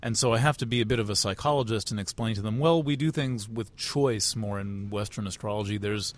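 A man from the United States interviewing at a conference, asking thoughtful questions with halting restarts. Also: fairly low pitch. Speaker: interviewer, astrology writer.

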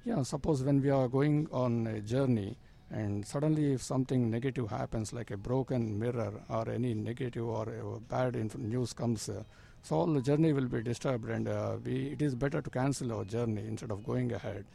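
A man in his fifties, an astrologer, answering interview questions earnestly with plain phrasing and frequent pauses and fillers. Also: medium pitch, creaky, mellow, breathy edge. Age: 50s.

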